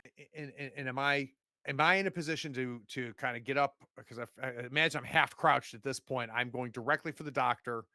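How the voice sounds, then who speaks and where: A man's voice: mid-range voice, a little fast, pushed and bright, no echo, clean studio sound. A man playing a tabletop game, asking questions in a stammering, joking way. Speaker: player. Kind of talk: casual tabletop play.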